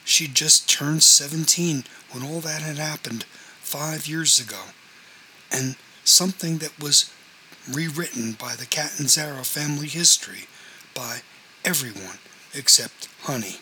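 A man narrating a novel as scripted audiobook reading, in a measured, even storytelling manner. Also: on the high side, slight background noise, rough recording.

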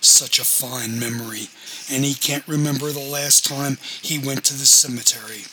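A man narrating a novel chapter in a steady, measured audiobook reading. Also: medium pitch, slight background noise, low-quality recording.

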